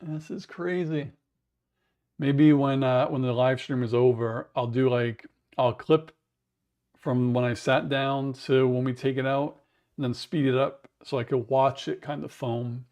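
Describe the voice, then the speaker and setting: A man with a raspy voice, chatting in a rambling way to viewers on a livestream from home, humming to fill the wait. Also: mid-range voice, fairly even intonation, unhurried, a little mellow. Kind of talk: casual livestream chat. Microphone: wearable mic.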